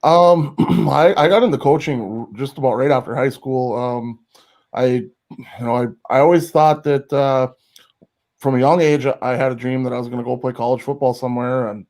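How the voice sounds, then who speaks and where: A man from North Dakota, a wrestling coach, answering interview questions hesitantly with many pauses. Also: mid-range voice, fairly even intonation, a little mellow. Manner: hesitant, many fillers, clears throat.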